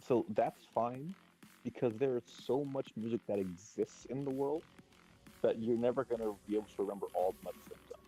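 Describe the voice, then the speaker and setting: A man chatting casually, telling a story in a loose, rambling way with crude words and quick laughs. His voice is mellow and dark. Faint music plays behind him. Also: mid-range voice, low-quality recording. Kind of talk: casual podcast chat.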